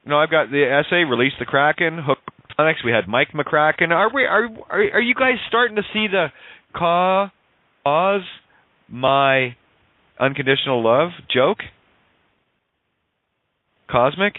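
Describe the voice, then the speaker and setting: Male call-in radio host, animated, profane, laughing; thin, dry phone-quality audio. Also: fairly high pitch, unhurried, long pauses, no room sound. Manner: animated, swears freely, laughs often, wordplay on sounds. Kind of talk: excited, rambling call-in radio talk.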